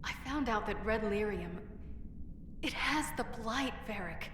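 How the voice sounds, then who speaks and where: A woman's voice: fairly high pitch, animated, measured pace, fairly bright tone, a little hiss or hum. An actress playing a secretive, self-justifying female dwarf craftswoman in a video game. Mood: defensive. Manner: self-justifying, matter-of-fact. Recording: echoey game dialogue with long reverb.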